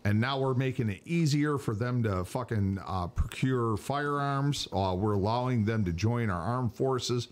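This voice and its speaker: A man's voice: medium pitch, unhurried, few pauses. A man co-hosting a podcast in casual chat, ranting with heavy swearing. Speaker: podcast co-host.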